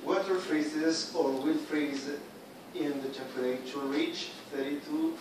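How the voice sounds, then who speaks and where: A male student reads aloud in class, halting and careful, in a slightly high voice. He sounds distant, in a strongly echoing room with a steady hum behind him. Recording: echoey room, far from mic.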